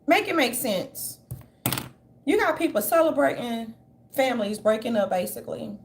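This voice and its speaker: Blunt high-pitched woman ranting. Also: expressive, normal speed, background noise. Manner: blunt, profane, mocking quoted voices. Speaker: commentary channel host. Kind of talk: casual opinion monologue.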